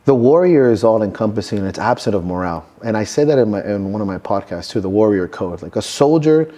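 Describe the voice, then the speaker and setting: A man's voice: lowish voice, lively intonation, fast talker, warm tone. A man coaching strongmen, talking earnestly about purpose and legacy in a podcast interview, swearing now and then for emphasis. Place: gym.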